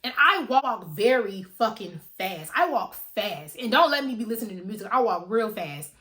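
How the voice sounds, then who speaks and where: A young woman vlogger telling a story in a casual, animated and profane way, talking straight to her viewers. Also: medium pitch, normal speed.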